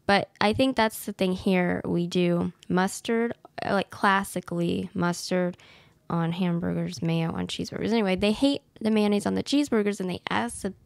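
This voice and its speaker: A woman's voice: lowish voice, fairly even intonation, moderate pace, creaky, no room sound. A woman co-hosting a casual movie review chat, explaining and correcting in a matter-of-fact way. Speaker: podcast co-host.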